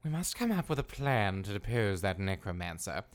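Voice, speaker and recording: A man's voice: lowish voice, very animated, moderate pace. An actor playing a scheming young man who leads a skeleton revolt, talking sarcastically and breaking into staccato laughs. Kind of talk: comedy voice acting.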